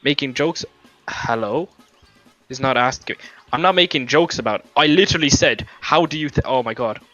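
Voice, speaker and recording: A young man argues over a gaming voice chat, talking in long, rambling runs and swearing freely. His voice is bright and sharp. The lo-fi headset sound has some faint music behind it. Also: mid-range voice, normal speed, no room sound. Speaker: gamer in voice chat. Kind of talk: heated voice chat argument.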